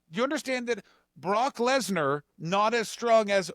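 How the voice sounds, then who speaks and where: A man co-hosting a podcast, telling stories in an animated, ranting way full of swearing. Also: high voice, measured pace, dry recording, clean studio sound. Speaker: podcast co-host. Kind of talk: casual comedic chat.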